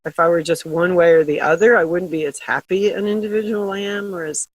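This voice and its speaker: A middle-aged woman telling stories in a casual interview, chatty and quick to laugh. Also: lowish voice, fairly even intonation, slightly rough, no room sound, rough recording. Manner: chatty storytelling, laughs often. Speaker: guest, glassware company founder.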